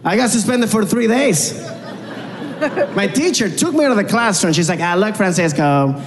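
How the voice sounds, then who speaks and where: On a comedy club stage, a man from Venezuela speaking with a Venezuelan Spanish accent performs a punchy stand-up set, repeating jokes for the crowd. His voice is very high-pitched and lively at normal speed, and the reverberant hall is full of live audience noise.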